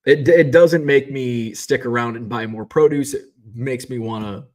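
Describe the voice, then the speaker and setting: A vlog host speaks from his car in a steady, medium-pitched voice at a moderate pace. He rambles casually, swearing freely in an exasperated rant of complaints.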